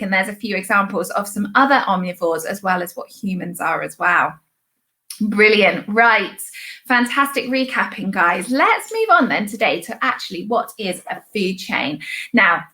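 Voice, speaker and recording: In a recorded online class for little kids, a young primary teacher offers cheerful, sing-song words of encouragement and praise. Her voice sits a little high.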